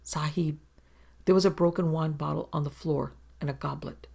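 A woman voicing a fierce, loyal male Afghan tribesman warrior who speaks in a slow, solemn way. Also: fairly high pitch, steady tone, vocal fry, a little mellow.

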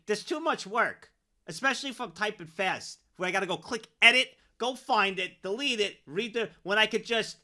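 A man's voice: high voice, moderate pace, sharp tone. A man hosting a reaction video, chatting enthusiastically between clips. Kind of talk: casual reaction commentary.

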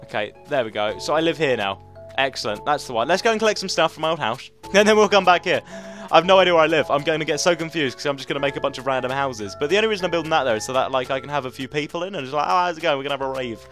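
Chatty young gamer, excitable. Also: male voice, fairly high pitch, very fast, soft background music. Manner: chatty, excitable, rambling with fillers. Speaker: gaming host. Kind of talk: casual let's play commentary.

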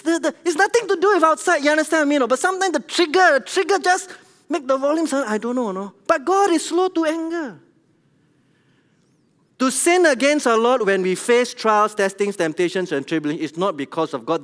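A middle-aged man with a Singaporean English accent, preaching a church sermon in an animated, conversational way and asking the congregation questions. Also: very high-pitched. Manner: animated, conversational, tells jokes at his own expense, asks the congregation questions. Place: large church hall. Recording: long hall reverb.

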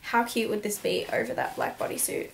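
A woman's voice: mid-range voice, big pitch swings, a little fast, gravelly, slight background noise. A young woman in a casual haul vlog, talking to camera at home with a bubbly, gushing, chatty manner. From Australia. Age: young adult. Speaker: vlogger.

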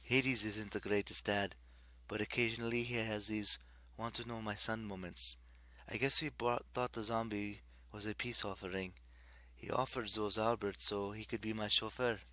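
A man reading an audiobook, voicing a brooding teenage boy in a quiet, subdued way. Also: lowish voice, level tone, moderate pace, no echo. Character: brooding teenage boy, son of the underworld god.

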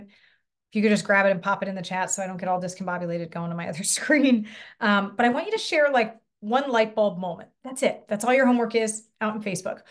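A middle-aged woman business coach giving a casual, chatty live online lesson, often asking her listeners questions and swearing lightly. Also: mid-range voice.

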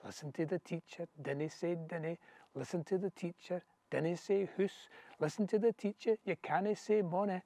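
A Scottish man reciting a poem in a steady, rhythmic cadence, slipping easily into Scots dialect. His voice sits slightly high for a man. The recording is dry and close, with no room sound. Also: moderate pace, no room sound. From Scotland. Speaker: poetry reader. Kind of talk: poetry reading. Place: outdoors, back garden.

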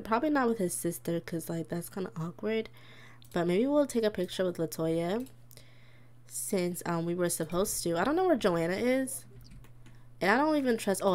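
A woman's voice: medium pitch, a little mellow. A young woman chatting casually as she plays a life-sim game, reacting aloud to her characters and giggling often. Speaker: gaming YouTuber. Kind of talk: casual let's-play commentary.

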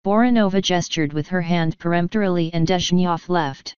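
A woman with a low-pitched, very smooth voice reads an audiobook in a steady, even manner. The sound is dry and close, with a slightly dull, lo-fi tone. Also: moderate pace, no room sound. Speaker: audiobook narrator. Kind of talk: scripted audiobook narration.

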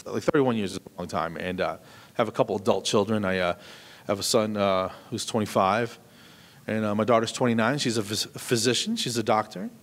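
A man's voice: on the low side, a little fast. A man in his fifties doing a stand-up comedy set, rambling and self-deprecating, with many restarts. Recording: long hall reverb.

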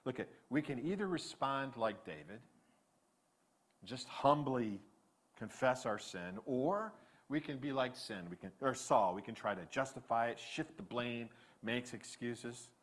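A male pastor delivering a sermon with animated, emphatic preaching. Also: mid-range voice, a little slow.

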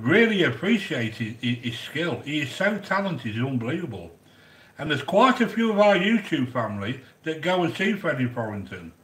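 A man's voice: on the high side, a bit bright. A man hosting a cooking channel, chatting casually and effusively as he reads out viewer comments, repeating himself with plenty of fillers. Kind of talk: casual live-stream chat reading viewer comments. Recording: echoey room.

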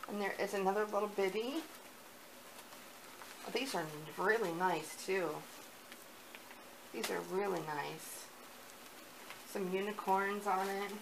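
Young woman vlogger, gushing unboxing chat, slow and breathy with excited gasps, faint background hiss. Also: mid-range voice. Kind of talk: unboxing vlog, casual chat.

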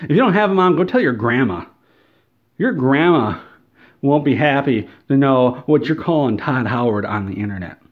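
A man's voice: medium pitch, lively intonation, moderate pace, phone-quality sound. A man delivering a satirical, mock-outraged rant in an exaggerated, whiny way. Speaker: comedy video creator.

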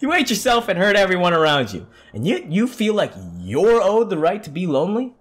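A woman's voice: mid-range voice, very animated, brisk, natural voice. A woman voicing a cruel, mocking woman on a blind date in a horror game, reading the lines aloud with cold contempt. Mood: scornful.

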